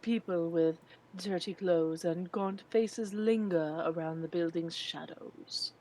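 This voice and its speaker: A woman's voice: on the low side, mellow, a little hiss or hum. A woman putting on a formal British narrator voice to read a game's story text aloud. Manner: measured, formal storybook reading. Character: formal British female narrator, calm and measured.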